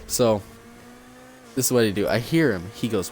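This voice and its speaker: A man's voice: lowish voice, moderate pace, long pauses, a little hiss or hum. A young man vlogger casually telling a story while gaming, rambling with lots of "like" and acting out the quotes.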